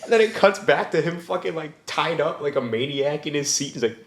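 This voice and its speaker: A man's voice: a little high, expressive, fairly quick. A man co-hosting a podcast in casual chat, with blunt, curt interjections. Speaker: podcast co-host.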